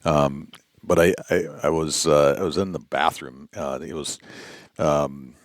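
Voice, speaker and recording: A man's voice: a little slow, no echo, clean studio sound. A man from New England hosting a casual interview, talking in a conversational way with stumbling restarts. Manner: conversational, stumbling restarts, lively pitch jumps. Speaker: podcast host.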